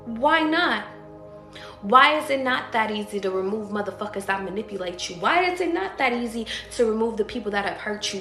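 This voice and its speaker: A woman's voice: a little high, pushed and bright. A woman tarot reader on a live stream, ranting bluntly and profanely to her audience, repeating herself for emphasis. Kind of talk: live-stream motivational rant. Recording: roomy echo with faint music behind.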